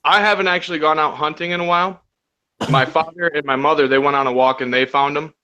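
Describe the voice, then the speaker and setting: A man's voice: fairly high pitch, fairly even intonation, fast talker, pushed and bright. A man from Michigan, a hesitant guest in a casual livestream chat. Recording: muffled lo-fi mic.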